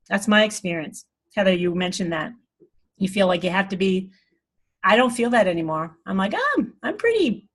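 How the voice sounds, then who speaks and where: A woman's voice: mid-range voice, fairly bright tone. A woman giving an earnest, rambling spiritual talk to an online group, laughing often. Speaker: spiritual teacher.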